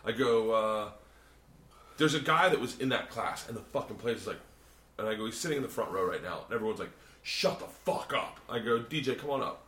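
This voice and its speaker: A man hosting a podcast, telling a long story in casual chat, swearing a lot and rambling with animated energy. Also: fairly low pitch, quick pace. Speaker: podcast host and comedian. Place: hotel room. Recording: roomy hotel room echo.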